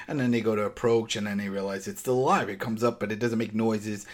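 In casual conversation, a man with a lowish voice talks fast, animatedly recapping a show episode and acting out the characters' lines himself.

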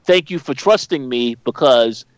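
A man offering his opinion in a relaxed recap chat, measured and full of small fillers. His voice sits at a middle pitch, recorded dry and close with no room sound. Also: no echo, poor audio. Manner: measured, frequent fillers and restarts. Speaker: podcast co-host.

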